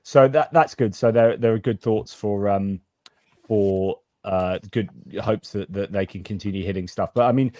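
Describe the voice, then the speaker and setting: A man's voice: lowish voice, moderate pace, dark tone, dry recording. A man hosting a livestream, chatting casually with many fillers and restarts as he reads donor messages and asks questions. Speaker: livestream host.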